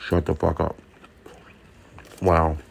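A man's voice: rumbling low, completely flat delivery, takes it slowly, vocal fry. A middle-aged man, a comedian, chatting casually and rambling while he cooks and eats at home, recorded on a propped-up phone. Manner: rambling, self-interrupting, with mild swearing. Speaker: comedian hosting his own show. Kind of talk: casual chat while cooking and eating. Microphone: phone propped up nearby.

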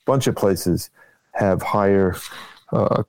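A man speaks as a guest strategist in a low voice with a gravelly texture. He talks in a measured, explanatory way, full of ums and uhs. The sound is dry, with no room echo. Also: a little mellow. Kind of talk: casual political chat.

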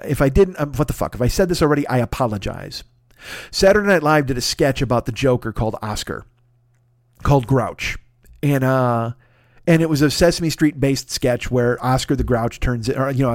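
Man, comedian, swearing storyteller, animated rant, dry close sound. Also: mid-range voice, dry recording. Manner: animated, swearing, rants with mounting excitement. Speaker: podcast host; stand-up comedian. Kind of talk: profane storytelling monologue.

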